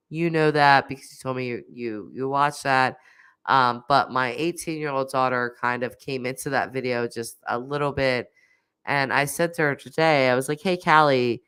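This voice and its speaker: A woman in her thirties with a very deep, smooth voice and a fairly bright tone chats casually on a live stream, reading out viewer comments. She sounds nasal and congested from a cold and keeps coughing. She's chatty, laughs often, and uses lots of fillers.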